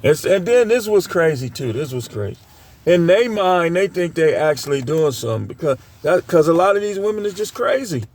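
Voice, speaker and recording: A middle-aged man delivers a blunt, scolding rant to camera. His voice sits high for a man and has a rough, gravelly edge. He lectures his listeners in a preachy, no-nonsense way. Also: very animated, normal speed, a little mellow. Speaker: dating commentator. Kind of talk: ranting commentary to camera.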